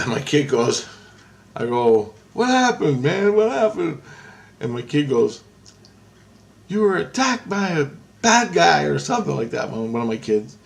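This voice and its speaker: A man casually recounting a story in a vlog, excitable and profane, switching into a raised voice when quoting people. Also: medium pitch. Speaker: vlogger.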